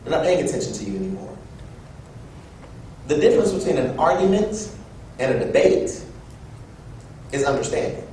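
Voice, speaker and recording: A young man giving a personal storytelling speech at an event, animated and acting out quoted voices. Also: moderate pace, long pauses. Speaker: event speaker. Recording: echoey room from far off with low rumble.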